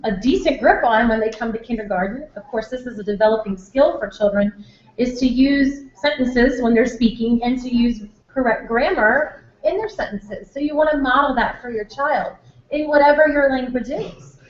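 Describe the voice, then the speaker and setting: A woman's voice: a little high, normal speed. Chatty woman teacher in an echoey room. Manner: chatty, with many fillers and restarts. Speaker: kindergarten teacher leading a parent workshop. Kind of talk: presenting a workshop to parents. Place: school room or hall. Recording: echoey room, dull lo-fi sound.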